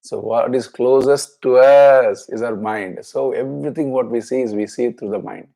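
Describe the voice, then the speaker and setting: A man teaching a scripture class, explaining each word slowly and chanting verses twice. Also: medium pitch, vocal fry, dark tone.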